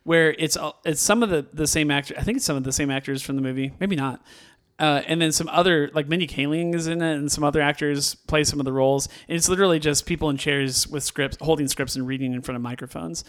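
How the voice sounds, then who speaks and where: Man for a casual podcast, higher-pitched, gushing, rambles with lots of fillers. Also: steady tone, quick pace, fairly bright tone, smooth. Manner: enthusiastic, rambling with many fillers and restarts. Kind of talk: casual movie discussion.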